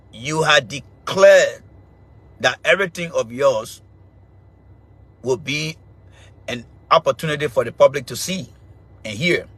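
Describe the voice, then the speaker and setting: A man's voice: a little high, no echo. A middle-aged man with a Liberian accent, hosting an online show with a loose, repetitive political monologue. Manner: mocking, laughing, shouting insults at a commenter.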